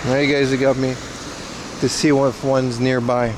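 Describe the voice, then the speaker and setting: Walking outside on city streets, this IRL livestreamer keeps up loose, slangy banter with his audience and reads the chat aloud. His mid-range voice shows little pitch movement at a normal speed, with background noise present.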